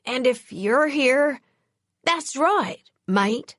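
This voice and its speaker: A male vampire with an English accent speaks slowly, low in menace, as a woman puts him on. Dry close recording. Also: expressive, fairly bright tone, no room sound, heavily acted. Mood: lethal. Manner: cold and lethal.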